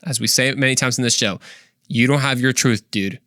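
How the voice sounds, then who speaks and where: A man's voice: mid-range voice, brisk, bright, forceful tone, no echo, clean studio sound. A man hosting a Christian podcast, talking through listener questions in an earnest, conversational way full of rhetorical questions. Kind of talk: casual solo podcast monologue.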